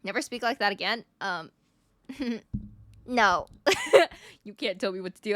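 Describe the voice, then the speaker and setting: A young woman VTuber chats casually with her viewers and reads their messages, playful and giggly. Her medium-pitched voice is bright and forceful, a little fast, recorded with studio quality and no echo.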